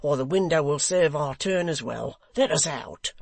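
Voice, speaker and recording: A man voicing a rough, impetuous young rioter who shouts loudly, with a gravelly edge. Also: on the high side, animated, moderate pace, no room sound. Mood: angry.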